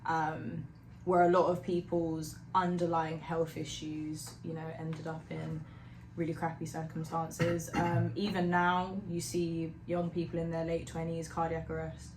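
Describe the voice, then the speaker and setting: A woman's voice: sits low, completely flat delivery, unhurried, a little mellow, faint music behind. A woman, a podcast guest chatting in a bubbly way and laughing easily. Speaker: guest, hiking group founder. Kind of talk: casual podcast chat. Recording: roomy, faint background noise.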